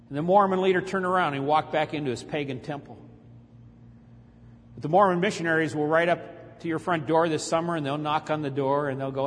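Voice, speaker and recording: Speaking briskly at a fairly high pitch, this preacher retells a dramatic story during his sermon, raising his voice as he goes. A long hall reverb fills the recording.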